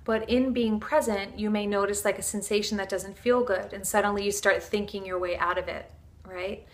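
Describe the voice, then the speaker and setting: A woman spiritual teacher speaks in an earnest, flowing, casual manner, full of fillers like "like" and "you know". Her voice sits at a middling pitch for a woman. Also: fairly even intonation, normal speed.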